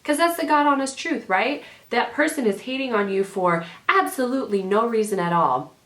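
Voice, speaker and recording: A woman's voice: fairly high pitch, animated, moderate pace, a bit bright. Chatty woman vlogger in an echoey room. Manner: chatty, rambling, sassy, self-correcting. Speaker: beauty vlogger. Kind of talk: casual chatty advice to camera. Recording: roomy home camera audio.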